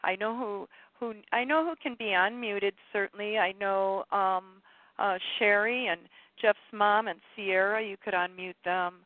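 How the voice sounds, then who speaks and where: A woman's voice: medium pitch, a little slow, dry recording, narrow, tinny audio. A woman leading a spiritual teaching session over a group call, talking in a meandering, chatty way and often correcting herself. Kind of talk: live spiritual teaching talk to callers.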